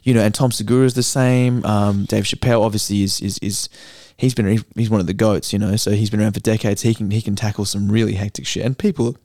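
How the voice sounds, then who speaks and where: A man's voice: fairly low pitch, flat delivery, fast, hardly any pauses, dark tone, no room sound. Eager young man, close and dry. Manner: enthusiastic, earnest, restarts often. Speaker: guest comedian. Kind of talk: casual podcast chat.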